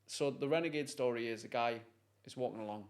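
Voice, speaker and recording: Man telling an animated story. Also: medium pitch, fast talker. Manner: animated, acts out voices. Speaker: guest, motivational speaker. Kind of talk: storytelling in conversation.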